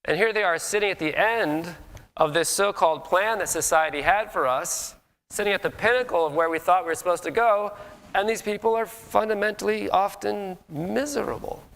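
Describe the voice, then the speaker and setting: A man's voice: sits high, normal speed, gravelly, a bit bright. A middle-aged man from Colorado giving a conversational sermon, often acting out people's inner voices. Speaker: guest minister. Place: church sanctuary. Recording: long hall reverb.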